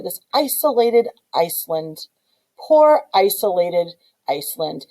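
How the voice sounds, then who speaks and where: A woman's voice: a little high, darkish tone, poor audio. Woman, middle-aged, teacher, playful punning storyteller, points at a map while she talks.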